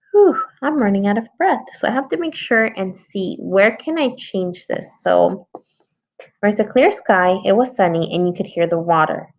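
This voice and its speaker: Gravelly woman teacher, slow and patient. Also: fairly low pitch. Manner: patient, talks to young children, thinks aloud while editing. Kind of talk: early-grade writing lesson. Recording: slightly dull lo-fi sound.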